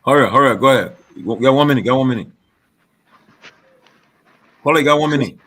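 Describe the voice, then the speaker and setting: Hurried man urging callers. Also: medium pitch, a bit bright. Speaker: show producer.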